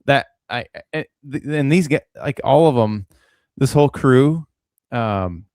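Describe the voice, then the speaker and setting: A man co-hosting a podcast, talking in an excited, rambling way. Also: medium pitch, measured pace, dry recording, clean studio sound. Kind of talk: casual podcast chat.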